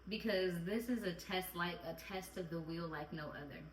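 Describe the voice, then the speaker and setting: Mom vlogger talking earnest and heartfelt, repeats herself a lot, echoey room, mic a bit far off. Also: female voice, lowish voice, moderate pace, slight background noise. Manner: earnest, repeats phrases, close to tears at times. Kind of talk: candid heartfelt chat. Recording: roomy and distant home recording.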